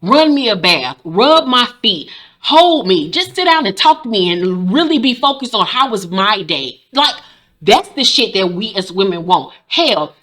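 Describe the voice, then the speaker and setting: A woman's voice: medium pitch, pushed and bright. A woman in her forties giving a blunt, profane, sassy casual recap of a reality show as a YouTube host. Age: 40s.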